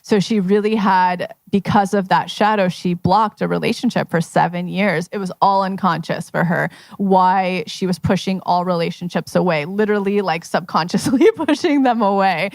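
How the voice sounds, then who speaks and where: A woman's voice: on the low side, normal speed, vocal fry, hardly any pauses, darkish tone, no echo. A woman manifestation coach talking casually to a live audience, telling stories in a chatty way full of fillers. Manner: chatty, filler-heavy, storytelling. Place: live event at a members' club.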